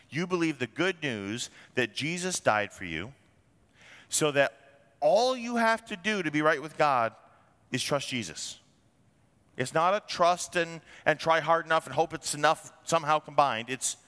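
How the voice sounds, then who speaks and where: A man's voice: medium pitch, bright, forceful tone, long reverb tail. A man preaching a sermon as a pastor, blunt and wry, with rhetorical asides to the congregation.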